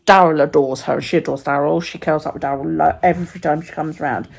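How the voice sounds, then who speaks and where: A woman's voice: low-pitched, fairly even intonation, fast, vocal fry. A woman vlogging on her phone, rambling casually, sometimes swearing and often dropping to a near whisper. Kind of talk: casual chat. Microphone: phone held by the speaker.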